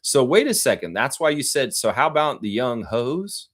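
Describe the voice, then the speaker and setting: A man's voice: mid-range voice, very animated, normal speed, a bit bright, breathy edge. A man hosting a casual live sports reaction stream, reading chat aloud and giving rambling, opinionated takes.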